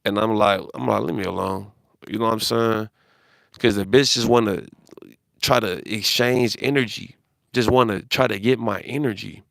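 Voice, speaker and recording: A man's voice: on the low side, steady tone, normal speed, creaky, fairly bright tone, no echo, studio quality. A man on a phone livestream, talking in a rambling, profane way with lots of restarts.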